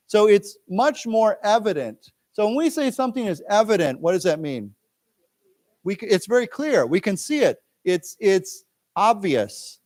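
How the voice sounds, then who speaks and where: A man's voice: a little high, darkish tone. An American man teaching English, who explains words patiently and drills his class in a library lecture room. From United States.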